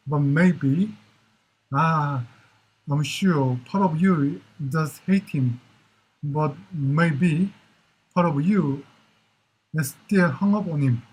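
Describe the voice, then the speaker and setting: Husky man slowly drilling English phrases. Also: fairly high pitch, darkish tone, rough recording. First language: Korean. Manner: repeats short phrases again and again, slow and careful. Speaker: English learner. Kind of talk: shadowing drills of drama lines.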